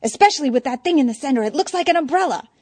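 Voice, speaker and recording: A woman voicing a jittery, paranoid man who blurts out his fears in a loud, high voice. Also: sing-song, slow pace, no room sound, heavily acted. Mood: fretful. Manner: panicky, exclamatory, fretful.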